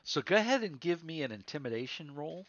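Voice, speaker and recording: A man's voice: fairly high pitch, big pitch swings, quick pace, fairly bright tone. A man narrating a tabletop game as game master, in a casual, rambling way with many fillers. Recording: dull lo-fi mic, dry.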